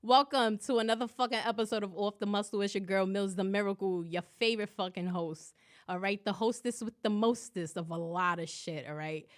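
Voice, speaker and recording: A woman's voice: mid-range voice, a little fast. Brash New woman hosting a podcast. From New York. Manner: loud, profane, animated storytelling full of slang. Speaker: podcast host. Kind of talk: casual solo podcast monologue.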